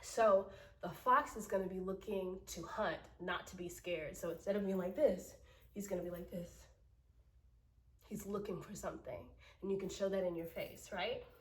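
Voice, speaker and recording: A woman teaching children an acting lesson, explaining slowly and patiently and often asking "right?". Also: medium pitch. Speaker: drama teacher. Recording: roomy echo, from mic distance.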